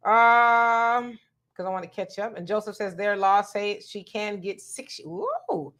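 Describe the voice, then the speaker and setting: A woman's voice: mid-range voice, expressive, takes it slowly, a bit bright. A woman hosting a live talk stream, telling stories with a lot of energy, laughing often and reading viewer comments aloud.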